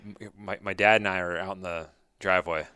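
A man's voice: low voice, steady tone, fast talker, sharp tone, smooth, dry recording, clean studio sound. A young man co-hosting a podcast, talking in a laid-back, blunt way with short agreeing replies. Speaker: podcast co-host. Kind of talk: casual chat.

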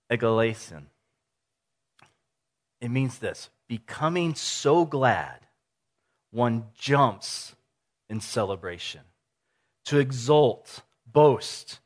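Male pastor, sermon; slow-paced, conversational, lively storyteller. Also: mid-range voice. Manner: animated, conversational, acts out scenes.

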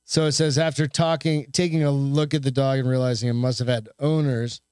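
A man's voice: mid-range voice, little pitch movement, brisk, darkish tone, clear, resonant tone, no echo. Male podcast co-host, mid-range voice, loose and profane, stumbles while reading, dry sound. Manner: profane, rambling, reads news aloud with stumbles. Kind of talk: casual chat.

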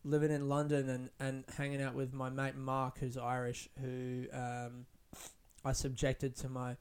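A man's voice: mid-range voice, flat delivery, moderate pace, fairly bright tone, smooth. A man hosting a casual solo podcast, rambling in a profane, self-mocking way. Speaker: podcast host. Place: London, UK.

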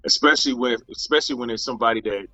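A man, an actor being interviewed, telling stories from a shoot in a casual, animated way, acting out quotes and laughing often. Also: mid-range voice, very fast, dry recording, dull audio.

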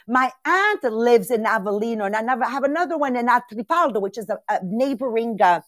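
Woman from Italy, middle-aged, podcast host, animated storyteller, higher voice, dry close sound. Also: a little fast, few pauses, no room sound. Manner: animated, calls listeners by name, storytelling. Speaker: podcast host and sales team leader. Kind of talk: motivational live podcast talk.

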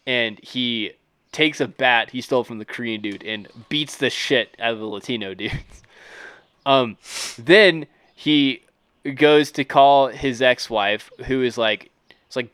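A man's voice: medium pitch, slow, a bit bright, clear, resonant tone, dry recording. A man co-hosting a podcast, summarizing a film in a rambling way with many fillers. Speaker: podcast co-host. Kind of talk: casual podcast chat.

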